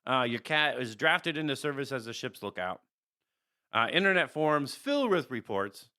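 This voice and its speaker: A man co-hosting a podcast, reading an absurd scenario aloud with a deadpan delivery. His voice is bright, at a middling pitch for a man. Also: moderate pace, clear, resonant tone. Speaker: podcast co-host. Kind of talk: reading a comic scenario script in casual chat.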